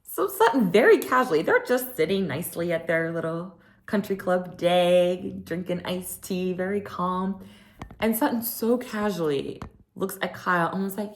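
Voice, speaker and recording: A woman hosting a casual, gossipy recap of a reality show, with many ums and likes, getting animated when she quotes the cast. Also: medium pitch, unhurried. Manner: gossipy, animated when quoting others, lots of um and like.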